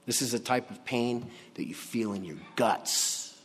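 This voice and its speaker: Male pastor, sermon delivery, unhurried and emphatic, hushed on key words; reverberant church hall. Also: mid-range voice, slightly rough. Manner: slow and emphatic, dropping to a hush on key words.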